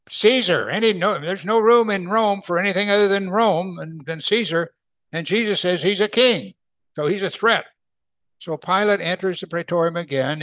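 A man teaching verse by verse from the Bible, reading passages slowly and then explaining them with emphasis. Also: fairly high pitch, fairly bright tone, no echo. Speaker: preacher.

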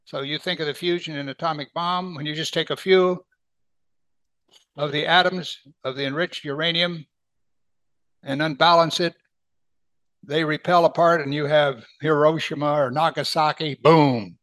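A man preaching a Bible sermon, emphatic, lifting his voice on key words and then dropping it soft. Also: on the high side, fairly even intonation, normal speed, pauses often, no room sound. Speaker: pastor.

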